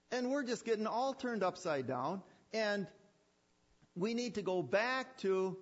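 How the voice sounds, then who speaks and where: A man preaching a sermon with emphatic repetition and rhetorical questions. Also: high voice. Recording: dull lo-fi sermon recording.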